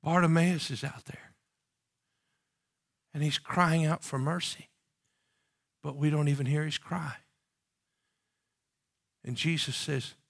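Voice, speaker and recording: A pastor preaches with a bright, forceful voice that sits a touch high for a man. He swings from loud emphatic calls to hushed pleading and keeps pressing the congregation with rhetorical questions. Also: a little slow, gravelly, pauses often. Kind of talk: sermon.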